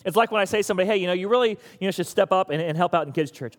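A man's voice: high-pitched, racing, few pauses, in a large hall. A man preaching a sermon to his church in a conversational, teasing way. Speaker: pastor.

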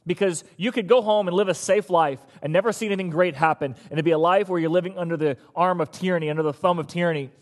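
A middle-aged man preaching a sermon in a conversational, humorous way, with lively bursts. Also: high voice, fast, few pauses. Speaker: pastor.

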